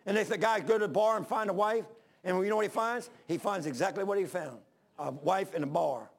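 A man's voice: sits high, a little fast, gravelly. A man in his sixties preaching a sermon, pleading with repeated questions in plain, folksy speech. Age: 60s. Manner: fervent, repetitive pleading questions.

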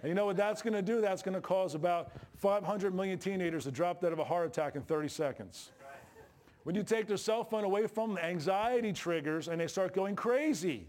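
Male pastor, slightly high voice, folksy and joking, sermon from the pulpit. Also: a little fast, a little mellow. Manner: folksy, joking preacher with Southern-style colloquial grammar. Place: church sanctuary. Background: congregation responses.

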